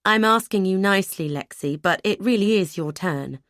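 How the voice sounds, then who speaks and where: A woman's voice: medium pitch, normal speed, a bit bright, no room sound, studio quality, natural voice. A woman voicing a brusque, dutiful adult brother who talks bluntly and matter-of-factly in an audiobook. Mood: curt.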